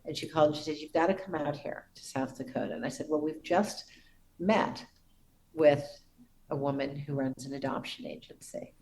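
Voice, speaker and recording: A middle-aged woman, a podcast guest, telling a personal story in an earnest, reverent way with soft restarts. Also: deep voice, moderate pace, poor audio.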